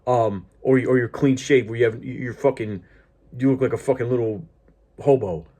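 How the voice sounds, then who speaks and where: A fired-up man rants at mid pitch in a loose, profane monologue about wrestling. He stumbles over himself, repeating words and restarting lines as his thoughts run ahead of him. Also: fairly even intonation, normal speed, warm tone. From Greek heritage. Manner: profane, heated, restarts often. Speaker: wrestling commentator vlogger. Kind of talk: casual ranting monologue.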